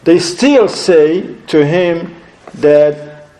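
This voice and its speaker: Animated, mellow-voiced male lecturer. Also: fairly high pitch, a little slow, low-quality recording. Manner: animated, acts out quoted voices, laughs often; sprinkles Arabic religious phrases into his talk. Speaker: Islamic lecturer. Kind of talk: storytelling lecture to an audience.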